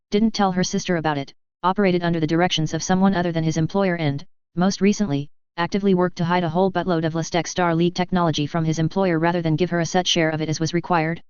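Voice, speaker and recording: Steady first-person audiobook narrator; smooth tone, slightly dull, muffled recording. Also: medium pitch, fast talker, few pauses, no echo.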